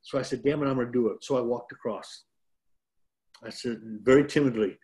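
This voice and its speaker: A man's voice: medium pitch, fairly quick, darkish tone. An older man from Detroit, a former pro wrestler, telling a rambling, self-deprecating story as a guest on a chat show. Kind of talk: casual storytelling.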